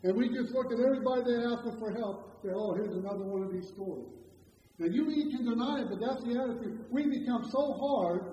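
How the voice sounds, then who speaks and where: A high-voiced man delivers a sermon, with loud, drawn-out emphasis that falls to hushed storytelling. The sound is dull and lo-fi, carrying a long echo from a large hall. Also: slight background noise. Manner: emphatic, swings from loud slow stresses to quiet storytelling. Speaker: preacher.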